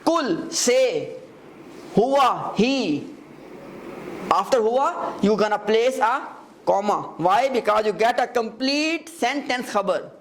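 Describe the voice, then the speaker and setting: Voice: medium pitch, lively intonation, takes it slowly. A grammar teacher in a live class who explains step by step, repeats key terms and often stops to ask the students whether they follow.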